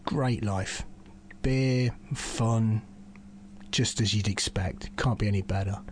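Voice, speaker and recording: Rambling caller with a southern English accent. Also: male voice, on the low side, slow pace, slightly rough. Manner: chatty, rambling, swears casually. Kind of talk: recorded voicemail call.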